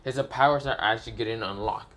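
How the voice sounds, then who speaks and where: A man's voice: lowish voice, quick pace, fairly bright tone. A man casually narrating an improvised fan story, rambling with fillers and self-corrections.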